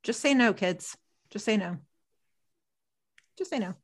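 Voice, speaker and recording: A woman co-hosting a podcast, recapping a TV episode in casual chat, animated and laughing often as she acts out characters' lines. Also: mid-range voice, measured pace. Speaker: podcast co-host.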